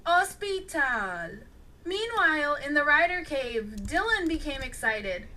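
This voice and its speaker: Woman narrator for a storybook, high bright voice, unhurried and expressive. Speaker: audiobook narrator.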